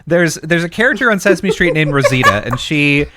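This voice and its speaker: A man co-hosting a podcast in casual chat, animated and laughing, swearing freely and mimicking voices. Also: on the high side, a little fast, a loud crowd. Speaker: podcast co-host. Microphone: podcast mic.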